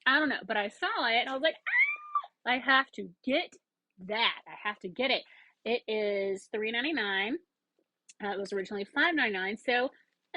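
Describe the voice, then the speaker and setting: A woman chatting excitedly in a casual haul video, rambling with fillers and bursts of enthusiasm. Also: on the high side, breathy edge, low-quality recording. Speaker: yarn vlogger.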